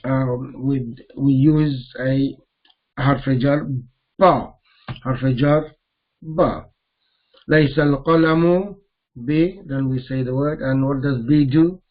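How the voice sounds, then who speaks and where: A man teaching a grammar lesson, repeating each Arabic term slowly as he mixes it into English explanations. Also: medium pitch, phone-quality sound.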